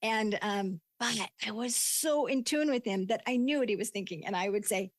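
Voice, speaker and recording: An older woman, a life coach, telling stories in a relaxed interview, acting out quotes with lots of laughter. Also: medium pitch, fast, hardly any pauses, no room sound. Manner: animated storytelling, acts out quotes, laughs often. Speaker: podcast guest, life coach. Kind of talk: conversational interview.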